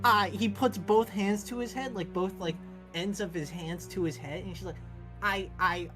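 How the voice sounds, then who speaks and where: A woman playing a tabletop role-playing game, blunt and animated, who swears while describing her character. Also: medium pitch, moderate pace, music in the background. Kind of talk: casual tabletop play.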